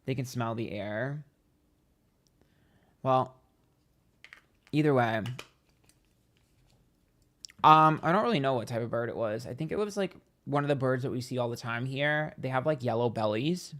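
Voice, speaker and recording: A man's voice: medium pitch, measured pace, long pauses, a bit bright. A man in casual vlog chat, telling a story with lots of "like" and acted-out reactions. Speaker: tarot reader and YouTuber.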